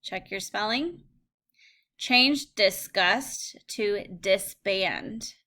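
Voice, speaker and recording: Woman teacher, slow careful dictation, bright tone, recorded phonics lesson. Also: medium pitch. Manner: slow, clear word-by-word dictation.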